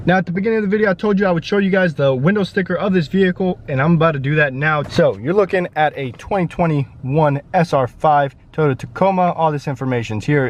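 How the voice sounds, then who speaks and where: Chatty young man reviewing his truck. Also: fairly high pitch. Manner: chatty and joking, lively ups and downs. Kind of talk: casual walkaround review. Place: inside and around a pickup truck.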